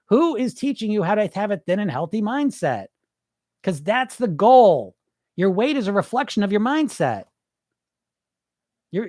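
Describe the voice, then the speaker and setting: High-voiced guy ranting bluntly at his listeners, swears a lot, dead dry close sound. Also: no echo. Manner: blunt, profane, rhetorical pep-talk; mimics listeners' excuses mid-rant. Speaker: podcast host, weight-loss coach. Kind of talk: solo podcast monologue.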